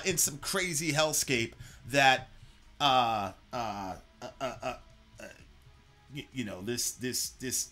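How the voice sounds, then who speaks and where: A man's voice: medium pitch, bright, forceful tone. A man co-hosting a podcast, ranting casually and animatedly, swearing and tripping over repeated words. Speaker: co-host of a reaction podcast. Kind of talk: casual political rant.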